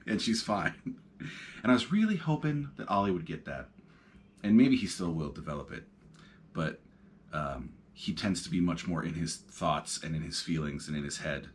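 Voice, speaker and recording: Low-voiced man musing casually. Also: expressive, moderate pace, a little hiss or hum. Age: 30s. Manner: rambling, reflective, lots of fillers. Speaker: podcast host. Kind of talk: casual solo talk. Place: on his couch at home.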